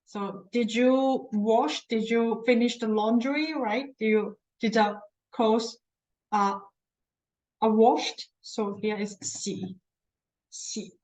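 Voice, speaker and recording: A woman's voice: a little high, steady tone, takes it slowly, a little mellow, poor audio. A woman teaching a language lesson who explains patiently, repeats words for practice and often corrects herself mid-sentence. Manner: self-correcting, searches for words.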